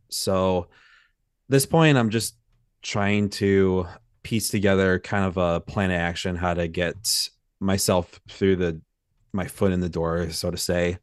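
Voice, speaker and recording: A man with a deep, smooth, resonant voice speaks casually and hesitantly, filling his pauses with ums and likes. The sound is dry and close. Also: no echo. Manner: hesitant, many fillers. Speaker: voice acting newcomer. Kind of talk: casual chat.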